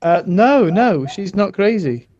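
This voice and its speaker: Slightly high-voiced man, halting. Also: lively intonation, darkish tone, highs cut off. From Britain. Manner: halting, many restarts. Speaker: co-host of a group commentary chat. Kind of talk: casual online group chat.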